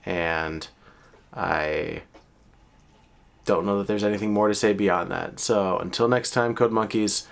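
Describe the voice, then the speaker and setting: A young adult man giving a reflective, casual update to his viewers, often pausing to search for words. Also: low voice, creaky. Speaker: video creator. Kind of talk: casual vlog update to camera.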